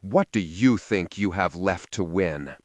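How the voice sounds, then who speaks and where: A man's voice: low voice, lively intonation, measured pace, no room sound. A man voicing a hateful, violent father who spits his words with contempt. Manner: spitting, contemptuous.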